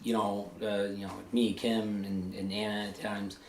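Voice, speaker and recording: A man's voice: fairly low pitch, little pitch movement, a little slow, darkish tone. A man hosting a live stream, talking in a rambling, casual way, with many fillers and some swearing. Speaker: host. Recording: echoey room.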